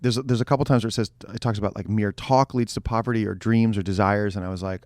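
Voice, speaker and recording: Man with a worn-out voice, low and dry. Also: steady tone, fast talker, darkish tone, no echo. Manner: joking, rambling with restarts. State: voice not recovered, a bit hoarse. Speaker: pastor and podcast co-host. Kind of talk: casual podcast chat.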